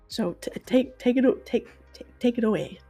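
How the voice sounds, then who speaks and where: A woman's voice: a little high, a bit bright, slightly rough. A woman hosting a stream, playing a fake funeral straight in a mock-solemn way, stumbling and restarting as she talks. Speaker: streamer host.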